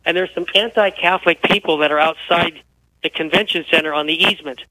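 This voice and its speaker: A man guesting on a radio talk show, telling stories with lively energy while feeling unwell. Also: on the high side, fast, no echo, rough recording. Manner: energetic, animated storyteller. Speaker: guest, author. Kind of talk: radio interview, storytelling.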